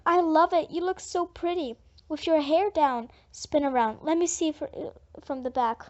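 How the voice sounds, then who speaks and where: A woman voicing a warm, forgiving twelve-year-old friend who speaks eagerly. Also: sits high, normal speed, lightly acted. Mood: affectionate. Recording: dull lo-fi audiobook recording.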